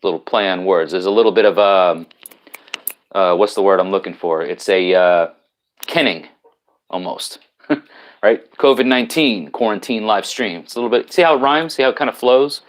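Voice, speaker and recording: A man's voice: low-pitched, normal speed, long pauses. A man hosting a casual live stream from home on his laptop, greeting viewers, reading out their comments and rambling with many fillers and restarts.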